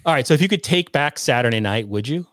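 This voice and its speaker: A man's voice: mid-range voice, animated, quick pace, a bit bright, dry recording. A man with a medium voice hosts a live stream, putting blunt questions to his guest between filler words and reading viewer comments aloud. His voice is heard up close and dry. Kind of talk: casual interview questions.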